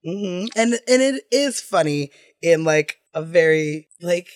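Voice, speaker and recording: Animated storyteller woman, dry close sound. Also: on the low side, slow, no room sound. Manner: animated, swearing, acts out quotes with voices. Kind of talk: casual chat, storytelling.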